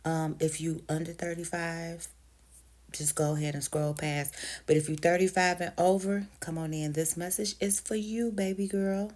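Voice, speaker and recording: A woman past thirty-five talks straight into her phone, emphatic and conversational. Her voice sits on the low side. She calls her listeners baby and sis. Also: fairly even intonation, moderate pace, a little mellow. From United States. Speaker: vlogger. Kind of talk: direct-to-camera rant.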